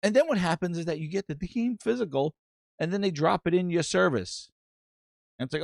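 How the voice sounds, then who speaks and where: A man's voice: high voice, a little fast, gravelly, no echo. Male podcast host, profane live-stream rant, dry close sound. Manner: animated, profane, reads chat aloud.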